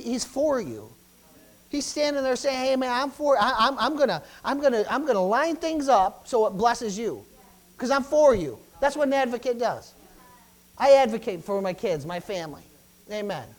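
A man's voice: sits high, rough recording. A middle-aged man preaching a sermon as pastor, stumbling into restarts, calling out Amen, and building to emphatic peaks.

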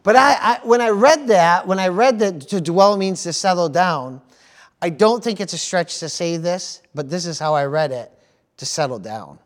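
A man's voice: high voice, lively intonation, moderate pace. A middle-aged man preaching a sermon, repeating phrases and dropping in praise interjections as he goes. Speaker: pastor.

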